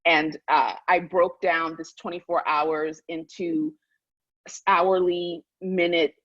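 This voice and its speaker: A woman author talking candidly, then reading from her memoir in a measured, deliberate way. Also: on the low side, steady tone, fairly bright tone, no echo, dull audio. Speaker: author and guest.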